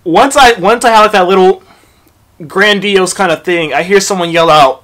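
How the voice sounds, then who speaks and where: A young man telling a storytime vlog, profane and animated, acting out quotes from the story. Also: sits high, normal speed. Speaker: vlogger.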